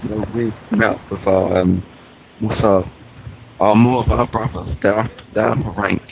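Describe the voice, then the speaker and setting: A man's voice: lowish voice, steady tone, moderate pace, gravelly, narrow, tinny audio, slight background noise. A man rambling through a comedic in-character monologue, hesitant and full of ums and restarts. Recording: voice over loud video game gunfire. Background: game battle sounds with gunfire.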